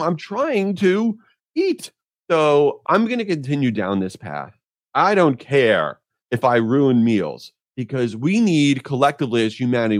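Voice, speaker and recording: A man hosting a podcast, telling an exasperated, animated story about a pet peeve. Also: medium pitch, dry recording, studio quality. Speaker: podcast host. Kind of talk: ranting monologue.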